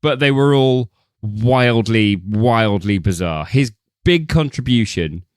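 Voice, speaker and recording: A man's voice: medium pitch, animated, slow, smooth, dry recording, clean studio sound. A man co-hosting a casual film podcast, laughing often and swearing freely as he acts out quoted voices. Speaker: podcast co-host.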